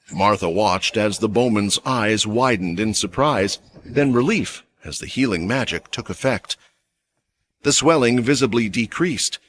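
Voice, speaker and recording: A man narrating a fantasy story recap with an expressive, dramatic delivery. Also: fairly low pitch.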